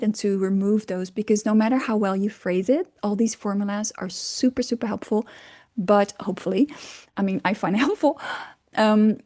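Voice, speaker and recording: A woman's voice: mid-range voice, warm tone. A woman coaching on communication, explaining casually with fillers, hesitations and frequent little laughs.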